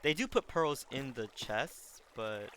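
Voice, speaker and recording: A man's voice: medium pitch, expressive, slow pace. A young man rambling casually while playing a game on stream, often restarting his sentences as he thinks aloud. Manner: rambling, self-correcting, talks while playing. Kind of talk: casual gaming stream chat. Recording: loud background noise with clicks.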